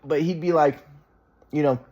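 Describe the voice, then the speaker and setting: A man's voice: a little high, fairly even intonation, moderate pace, darkish tone, lo-fi sound. A man in a rambling, casual monologue, often restarting and repeating himself, frustrated and swearing.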